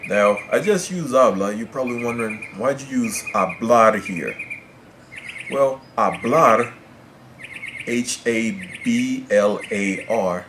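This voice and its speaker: A man teaching a Spanish pronunciation lesson in English, measured and repeating his points to make them clear. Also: medium pitch, lively intonation. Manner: measured, repeats and rephrases explanations. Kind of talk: explanatory language lesson. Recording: clear background noise with birdsong. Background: birds chirping.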